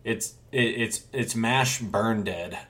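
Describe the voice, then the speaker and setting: A man's voice: fairly low pitch, slow pace, fairly bright tone. A man co-hosting a casual podcast chat, rambling with many restarts and some casual swearing. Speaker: podcast co-host. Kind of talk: casual chat about a manga.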